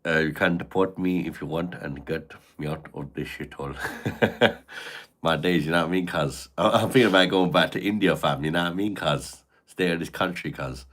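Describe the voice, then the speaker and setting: A man's voice: low-pitched, a little fast, a bit bright. A man, chatting live to his viewers in crude, slang-heavy joking banter full of swearing. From Britain. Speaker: live streamer reading chat. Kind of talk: casual live-stream chat.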